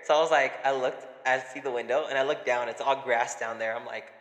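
Bright-voiced young man, echoey room. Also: mid-range voice, a little fast. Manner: animated, laughing, acts out quotes. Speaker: podcast co-host. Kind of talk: casual storytelling chat. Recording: echoey room with long reverb.

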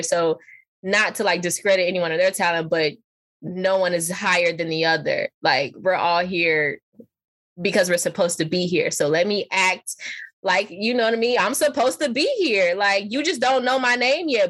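A young woman, an actress and model coach, talking casually as an interview guest, animated and laughing often. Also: lowish voice, normal speed. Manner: animated, laughs often, puts on voices when quoting.

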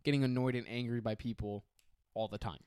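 A young man co-hosting a casual podcast, speaking at a middling pitch. He rambles, hedges with fillers and keeps correcting himself. The sound is dry and close, with no room around it. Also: steady tone, brisk, a little mellow, clear, resonant tone, dry recording. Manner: rambling, hedging, self-critical. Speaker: podcast co-host. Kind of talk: casual chat.

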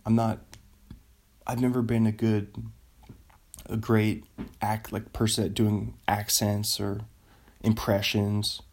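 A man hosts a loose solo chat, drifting between thoughts at an unhurried pace. He breaks off mid-sentence often and chuckles at his own tangents. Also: on the low side, monotone, darkish tone. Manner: meandering, self-interrupting, laughs often. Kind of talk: rambling solo casual chat.

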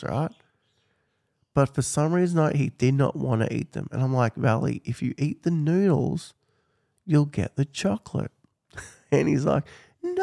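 A man's voice: a little high, vocal fry, darkish tone, no echo, studio quality. A man, hosting a podcast in a casual, earnest teaching style and laughing often. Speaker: podcast host.

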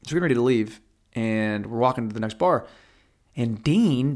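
A man's voice: medium pitch, animated, quick pace. A male comedian spinning a long anecdote in a loose, profane, rambling way. He corrects himself mid-story and mocks his own failures. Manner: profane, rambling, self-deprecating. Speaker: stand-up comedian. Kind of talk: stand-up storytelling.

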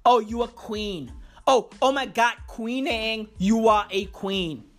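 A woman voicing a thirsty man who gushes in online comments, soft and fawning. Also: fairly high pitch, slow pace, faint music behind.

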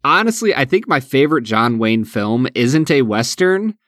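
A man's voice: medium pitch, big pitch swings, moderate pace, a bit bright, dry recording, studio quality. Earnest man co-hosting a podcast. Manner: earnest, with frequent restarts. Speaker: podcast co-host. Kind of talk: casual chat.

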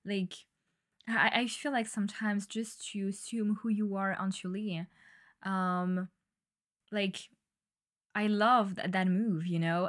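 A woman hosting her own podcast, talking casually and affectionately to her listeners with lots of fillers and little laughs. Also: mid-range voice. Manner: warm, gushing, affectionate, with frequent fillers and laughs. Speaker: podcast host. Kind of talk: casual solo podcast talk.

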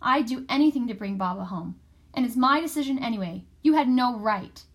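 A woman voicing an angry, desperate young girl who speaks in a raised, forceful voice in an audiobook. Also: on the high side, lively intonation, fairly quick, slightly rough. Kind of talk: audiobook character voice.

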